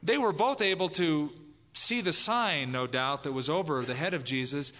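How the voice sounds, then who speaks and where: Man preacher, slightly high voice, animated delivery, big hall echo. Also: normal speed. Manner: animated, acts out voices in quotes. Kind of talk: evangelistic sermon. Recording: long hall reverb.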